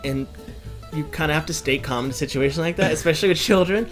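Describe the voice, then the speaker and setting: A young man co-hosting a casual podcast, giggly and breaking into loud shrieks and laughter. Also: on the high side, quick pace, faint music behind. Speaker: podcast co-host. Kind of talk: casual chat.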